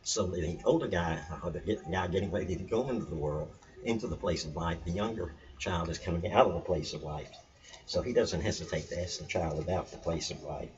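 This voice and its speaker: A man with a very low voice gives a spiritual lesson, earnest and emphatic, circling back to stress his points. His voice sits a little back from the mic, and the sound is dull and lo-fi. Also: a little fast, darkish tone, recorded from a distance. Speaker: video teacher on scripture. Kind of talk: spiritual teaching talk.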